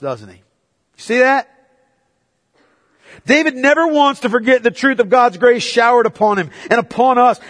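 High-voiced preaching man in a reverberant hall. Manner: swings from low and quiet to loud and excited. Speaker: pastor. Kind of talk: sermon.

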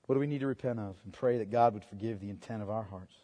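A man preaching a sermon as pastor, rising to loud emphatic peaks and dropping to quiet asides, repeating phrases for emphasis. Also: fast. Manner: swings from quiet, low asides to loud, high emphatic climaxes.

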